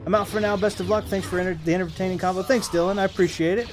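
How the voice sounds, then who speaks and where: A man streams a video game and chats with his viewers in a rambling way, humming between remarks. His voice sits a bit high for a man. Faint music plays in the background. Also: fairly even intonation, racing. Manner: chatty and rambling, answering viewers while playing. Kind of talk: casual live-stream commentary.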